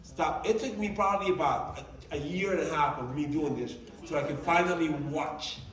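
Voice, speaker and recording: A man giving a motivational training talk to his team, telling lively stories and acting out the dialogue. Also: a little high, a little fast. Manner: animated storyteller, acting out dialogue. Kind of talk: motivational speech. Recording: roomy, distant sound with faint ambience.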